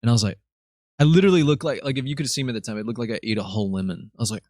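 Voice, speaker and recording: A man's voice: mid-range voice, racing, no echo, clean studio sound. A young man from Alabama with a slight Southern twang, hosting a casual chat and telling stories animatedly, slipping into voices. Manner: animated storyteller who acts out voices. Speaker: podcast host.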